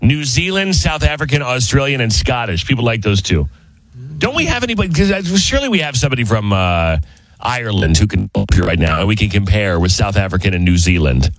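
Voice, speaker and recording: A man's voice: on the low side, big pitch swings, fairly quick, no room sound, poor audio. A man hosting a morning radio show, chatting casually with playful laughing asides.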